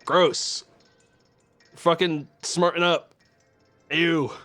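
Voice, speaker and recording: Bright-voiced man in a profane streamer rant. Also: fairly high pitch, steady tone, extremely slow, faint music behind. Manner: profane, exasperated ranting. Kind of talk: angry live-stream rant.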